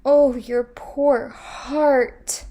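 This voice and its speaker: A woman's voice: medium pitch, fairly even intonation, slow, vocal fry, mellow. A woman voicing two tiny fly-sized creatures in a storybook, echoing with sighs. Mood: sighing.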